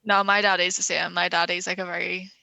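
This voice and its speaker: A woman's voice: lowish voice, flat delivery, a little fast, vocal fry, sharp tone, no room sound. A young Northern Irish woman co-hosting a podcast, telling stories in a blunt, sweary chat. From Northern Ireland. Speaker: podcast co-host. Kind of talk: casual chat.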